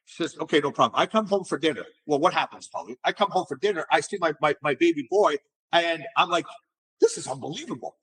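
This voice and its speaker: A middle-aged man, an entrepreneur being interviewed, telling stories in a casual, animated way and often repeating words as he restarts. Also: on the high side, quick pace, husky. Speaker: entrepreneur guest.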